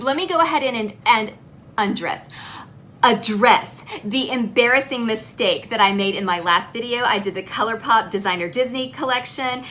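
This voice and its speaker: A young woman talks through a shopping haul in a playful, self-mocking way and swears now and then. Her voice is bright and forward and sits a little higher than most. There is a faint hiss of noise under it. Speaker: beauty vlogger. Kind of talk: casual haul video.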